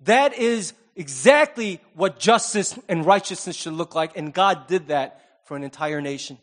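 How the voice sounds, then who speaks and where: A man with a high, light voice preaches a sermon in a loose, conversational style. He mixes in jokes and acts out quotes in different voices. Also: lively intonation, moderate pace. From Asian American. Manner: conversational preaching with humorous asides and acted quotes. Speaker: pastor.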